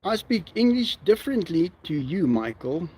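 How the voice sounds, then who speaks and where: A man's voice: sits high, big pitch swings, moderate pace, a little mellow, slightly rough. A man from South Africa with an Afrikaans accent, hosting a casual livestream and chatting with viewers. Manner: chatty, laughs often. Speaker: livestream host. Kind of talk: casual livestream chat reading viewer comments.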